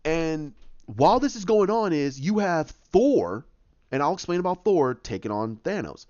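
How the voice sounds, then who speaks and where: A man's voice: a little high, big pitch swings, a little slow, a little mellow, dry recording, highs cut off. A man hosting a podcast, recapping a film casually and acting out scenes with many restarts. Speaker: podcast host.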